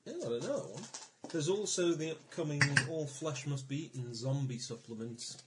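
A man's voice: fairly high pitch, normal speed, heavy background noise. A man bantering drily and teasing his friends at a tabletop game. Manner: dry, teasing. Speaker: player.

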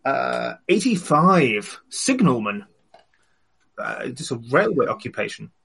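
A man playing a tabletop game, speaking in a wry, hesitant way with many ums and pauses. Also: mid-range voice, big pitch swings, gravelly, very noisy. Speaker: player. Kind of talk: casual tabletop game chat.

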